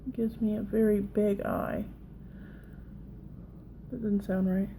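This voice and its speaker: A woman's voice: mid-range voice, level tone, takes it slowly, warm tone, a little hiss or hum, poor audio. A woman in her thirties with a Southern accent, chatting and rambling through a casual makeup tutorial. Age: 30s. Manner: chatty, rambling, self-deprecating. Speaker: makeup vlogger.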